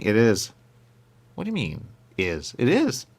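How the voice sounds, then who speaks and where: A man's voice: wildly swooping pitch, measured pace. A man in absurd comedic banter, arguing in goofy circles. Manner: goofy, circular arguing with big pitch jumps.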